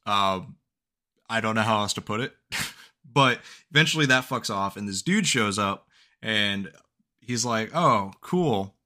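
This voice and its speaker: A man's voice: on the low side, measured pace, long pauses, bright, forceful tone. A man co-hosting a podcast who recaps a video game in casual chat, cursing freely and laughing often. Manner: profane, joking, laughs often. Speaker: podcast co-host.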